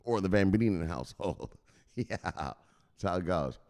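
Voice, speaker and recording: A man's voice: deep voice, lively intonation, unhurried, a little mellow. A man hosting a crypto news channel in profane, joking, rambling casual commentary.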